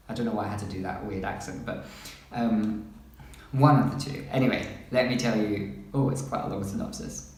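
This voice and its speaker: A man's voice: lowish voice, steady tone, a little fast. Chatty man in a very echoey room. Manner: chatty, rambling, reads synopses aloud. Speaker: book vlogger. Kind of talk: casual chat about upcoming books.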